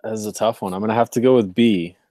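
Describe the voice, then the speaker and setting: Relaxed man guessing quiz answers. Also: lowish voice, fast talker, no echo, clean studio sound. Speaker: guest author playing a quiz.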